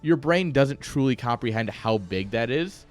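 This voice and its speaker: A male game caster at an ordinary mid pitch, chatting loosely on a live stream. He wanders between jokes and game calls, swearing casually as he goes. Faint music plays underneath. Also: expressive, normal speed. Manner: rambling, joking, swears freely.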